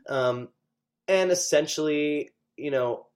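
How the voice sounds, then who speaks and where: A man, a stage actor, chatting as an interview guest, animated and full of fillers. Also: on the high side, slow pace. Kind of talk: casual interview chat.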